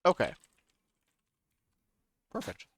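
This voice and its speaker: A man's voice: very slow, fairly bright tone, no room sound, studio quality. A man acting as game master, running a tabletop game over a voice call and prompting players with brief questions.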